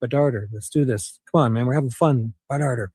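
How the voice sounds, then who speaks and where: A man with a mid-pitched voice talks to his friend on a livestream. He sounds soothing and laid-back, and keeps coaxing him to calm down. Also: fast talker, husky, dry recording.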